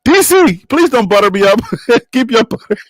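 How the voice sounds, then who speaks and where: A high-pitched man runs a casual sports panel, teasing his guests and breaking into laughter. His voice swings widely in pitch, and the sound is dry and close. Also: moderate pace, dry recording. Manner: laughs often, teasing, animated. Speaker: podcast host.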